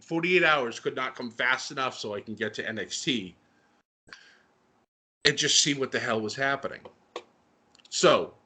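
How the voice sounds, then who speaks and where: A middle-aged man co-hosting a podcast, telling a story in an excitable, emotional way. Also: medium pitch. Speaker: podcast co-host. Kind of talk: casual chat.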